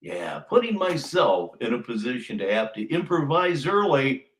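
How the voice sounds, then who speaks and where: A man's voice: fairly high pitch, sing-song, normal speed, gravelly. A man in his sixties from Ohio hosting a livestream, chatting in a wry, sardonic way as he introduces clips. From Ohio, USA. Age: 60s. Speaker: commentary stream host. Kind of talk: casual livestream commentary. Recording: roomy echo.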